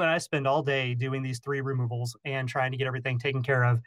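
A man, a beekeeper and podcast host, telling stories in a casual interview, animated and self-deprecating, acting out the people he quotes. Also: medium pitch, fast talker, hardly any pauses, dry recording. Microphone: remote call recording.

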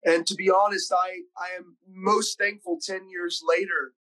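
A high-voiced man hosts the conversation and tells his story openly. His delivery is earnest and emotional, speeding up in eager bursts. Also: flat delivery, bright, forceful tone, rough recording. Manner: earnest, emotional, quick bursts when recounting. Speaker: podcast host and school preacher.

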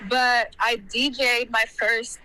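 Woman, caller, relaxed, slow-talking, casual phone chat, loud vehicle noise. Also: on the high side, poor audio. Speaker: caller, host's sister.

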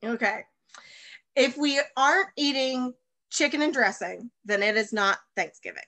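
A woman's voice: fairly high pitch, a little slow, sharp tone, no echo. A woman in her thirties from the United States, a baker and chef, talking as a guest in a casual interview and rambling with many fillers and restarts.

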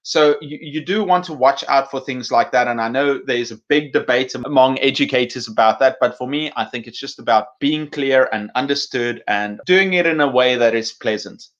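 A man's voice: medium pitch, moderate pace, few pauses, a bit bright, dull audio. A male teaching-channel host giving casual, thoughtful advice to teachers, with a mixed British and American accent and frequent fillers.

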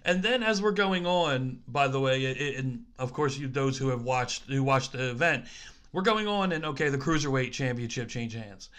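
A man co-hosting a podcast in casual chat, easygoing, halting with fillers and laughing often. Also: medium pitch, a bit bright. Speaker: podcast co-host.

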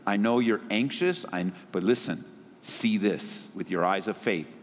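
A preacher putting on a deep, soothing god voice speaking slow and steady, ringing through a large hall with long reverb. He sounds firm and reassuring. The low tone settles well beneath his usual pitch. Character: calm reassuring male deity, deep and steady.

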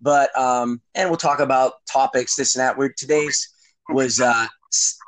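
A man's voice: mid-range voice, fairly even intonation, a little slow, a bit bright, rough recording. A man hosting a podcast in casual chat, rambling and profane, with many fillers and restarts. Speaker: podcast host.

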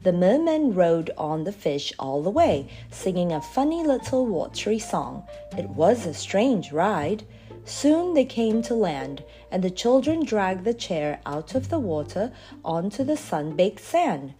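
Storyteller woman, mellow and expressive, lively pitch, faint music underneath. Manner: expressive, measured. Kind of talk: storybook reading aloud.

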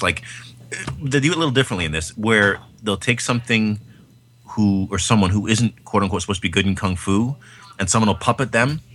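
Deep-voiced man rambling about movies. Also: pushed and bright. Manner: rambling, enthusiastic, many fillers. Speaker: podcast co-host. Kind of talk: casual film chat.

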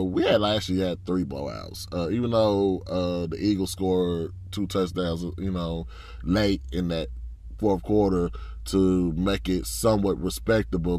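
Congested low-voiced man hosting a podcast. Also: darkish tone, no room sound. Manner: frank and frustrated, with laughs. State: fatigued. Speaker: podcast host. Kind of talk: casual sports talk.

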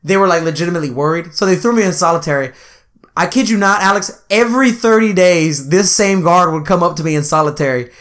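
Bright-voiced man telling a wild story. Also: sits high, fast. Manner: animated, profane, laughs often. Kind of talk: casual storytelling chat.

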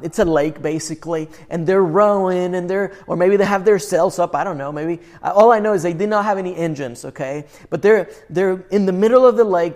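A man preaching a sermon, moving between animated, incredulous outbursts and hushed, earnest delivery. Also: a little high. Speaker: pastor.

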